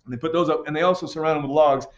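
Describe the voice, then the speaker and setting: An American man teaching history in a casual, slangy, animated lecture over slides, recorded with dull lo-fi sound. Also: a little high, very fast.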